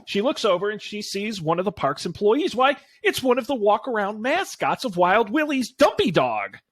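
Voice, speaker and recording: A podcast co-host spins an improvised story, narrating in an animated, jokey way. His voice sits on the higher side for a man. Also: moderate pace, dry recording.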